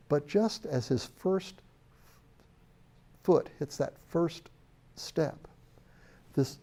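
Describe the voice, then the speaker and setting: A man's voice: a little high, gravelly, warm tone, husky. A man giving a recorded sales training lecture, storytelling in an emphatic way.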